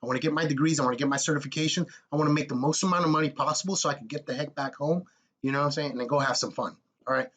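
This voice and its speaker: Blunt, energetic man coaching viewers. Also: fairly high pitch, very fast. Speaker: military contracting advice vlogger. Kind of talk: casual screen-walkthrough tutorial.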